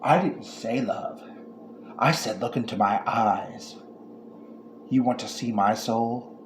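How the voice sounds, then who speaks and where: A man voicing Australia, a blunt, deadpan young heroine in a comic horror story, recorded in an echoey room. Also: medium pitch, slow, slight background noise, close to an everyday voice. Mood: menacing. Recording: echoey room with faint ambience.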